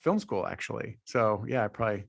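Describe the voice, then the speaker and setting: Man in his 40s, podcast co-host, halting speech, repeats words, dry close sound. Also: lowish voice, lively intonation, creaky, no echo. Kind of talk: casual podcast chat.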